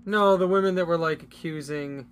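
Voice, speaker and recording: A man's voice: a little high, moderate pace, smooth. A man co-hosting a podcast in casual chat, rambling and teasing. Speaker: podcast co-host.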